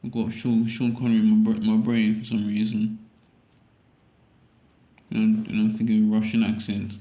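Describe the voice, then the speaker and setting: A man's voice: lowish voice, monotone, normal speed, echoey room, dull audio. A man with a London accent recording a casual audition at home, hesitant and repeating himself as he muses aloud.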